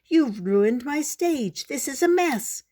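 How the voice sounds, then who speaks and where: A woman's voice: on the high side, normal speed, lightly acted. A woman voicing a boastful young male mouse brother in a storybook reading, bragging and competitive. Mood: indignant.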